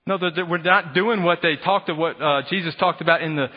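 A husky male pastor preaches in a big church hall, and his voice trails off into a long reverb. He is animated and slips into other people's voices to make his point. The sound is slightly dull. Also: a little high, brisk. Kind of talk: sermon.

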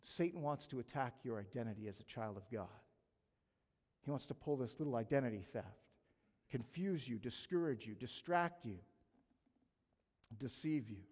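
A man preaching a sermon, telling a personal story with animated delivery and acting out his own panic. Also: medium pitch, normal speed, pauses often. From Canada. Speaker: pastor. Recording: long hall reverb.

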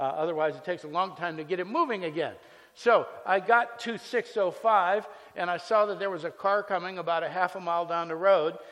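A man preaching as a pastor, reading scripture and then telling a personal story in a relaxed, conversational way. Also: a little high. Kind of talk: sermon. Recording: long hall reverb.

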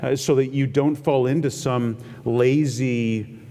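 A man's voice: mid-range voice, fairly even intonation, slow pace, warm tone. A male pastor giving a sermon, talking conversationally and retelling scripture in everyday words. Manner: conversational preaching, paraphrasing scripture in plain talk. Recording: long hall reverb.

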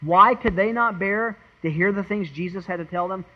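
A man preaching an earnest sermon, swinging from loud emphasis to hushed tones and often repeating words as he goes. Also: sits high, normal speed, lo-fi sound. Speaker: pastor. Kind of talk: expository sermon.

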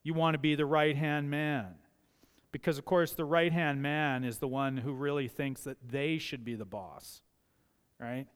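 Older male preacher, smooth resonant voice, fairly high pitch, emphatic repetition, long church reverb. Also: fairly even intonation, measured pace. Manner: emphatic, repeats key phrases for effect. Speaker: pastor. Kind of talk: sermon. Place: church sanctuary.

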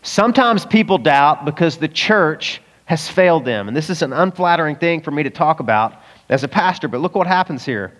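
A man gives a sermon in an easygoing, conversational way, slipping into little voices for the people in the story. His voice sits a bit high for a man. The sound carries a long reverb, like a large church hall. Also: fairly quick. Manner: animated, acts out voices of Bible characters, chuckles often. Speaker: pastor.

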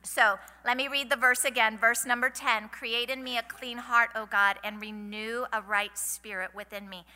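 A woman's voice: on the high side, steady tone, moderate pace, few pauses, bright, forceful tone. A middle-aged woman, giving a folksy, chatty sermon at a women's conference and asking the audience questions. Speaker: conference speaker. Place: large hall. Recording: hall reverb from a live event.

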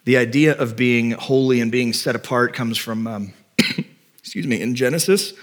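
A man's voice: mid-range voice, moderate pace. A man, a pastor, preaching a conversational sermon to his church, explaining and asking his listeners rhetorical questions. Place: church before a congregation.

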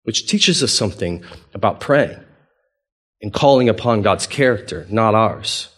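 A man preaching a sermon as pastor, conversational and playful, acting out quoted dialogue with big swings in voice. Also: unhurried. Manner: animated, acts out quoted dialogue with big pitch jumps; conversational, playful, chuckles often.

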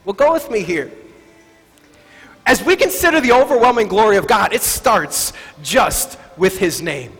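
High-voiced pastor preaching conversationally. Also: male voice, animated, a bit bright, breathy edge. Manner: conversational, asks the congregation, quick laughs. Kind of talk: sermon. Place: church hall. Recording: reverberant hall with faint music.

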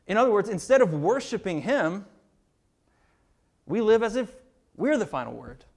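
Male pastor preaching a sermon, earnest and emphatic with repeated words, voice sitting a touch high. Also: sing-song, normal speed, creaky.

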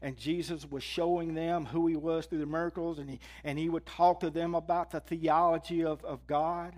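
A man's voice: level tone, moderate pace. Impassioned preacher man, rising and falling. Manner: impassioned, rising loud when reading scripture, dropping low for emphasis. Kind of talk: sermon.

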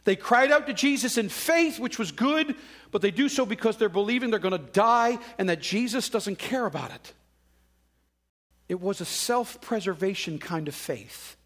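Guy preaching, kinda high voice, talks like he's chatting, does little voices for the quotes. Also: expressive, moderate pace, fairly bright tone. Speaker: pastor. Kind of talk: sermon.

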